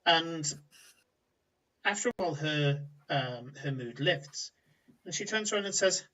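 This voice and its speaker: Game master man, hesitant narration, bright and raised, far off, muffled. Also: fairly high pitch, animated, unhurried. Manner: rambling, hesitant, filler-heavy.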